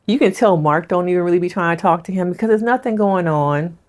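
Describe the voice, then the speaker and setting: Woman therapist hosting a casual show recap, slightly low voice, chatty and direct with her audience. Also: fast, a little mellow. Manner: chatty, addresses viewers directly. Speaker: licensed therapist.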